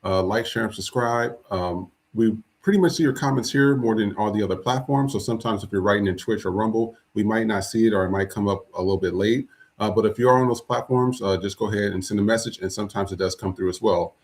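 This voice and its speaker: A man's voice: fairly low pitch, fast talker, darkish tone. A man hosting a live podcast alone, chatting casually and greeting viewers by name with lots of fillers. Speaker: podcast host. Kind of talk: casual live-stream chat.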